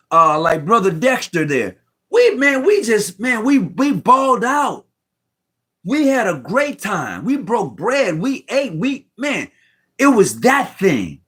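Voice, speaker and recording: Emotional high-voiced man on a video call. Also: fairly bright tone, husky. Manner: heartfelt, rambling, repeats himself, slangy. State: near tears. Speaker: Mason guest on a live stream. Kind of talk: emotional casual talk. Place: room at home.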